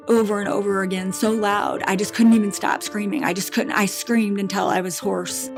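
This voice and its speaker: A middle-aged woman telling a painful personal story in a podcast interview, halting and emotional, with restarts and repetition. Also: mid-range voice, fairly even intonation, faint music behind. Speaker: bereaved mother guest.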